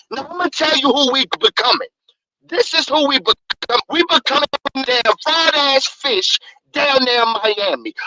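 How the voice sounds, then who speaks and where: A man's voice: very high-pitched, pushed and bright, rough recording. Stammering furious man ranting. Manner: angry, stammering, repeats words. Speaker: caller. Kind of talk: heated sports call-in rant.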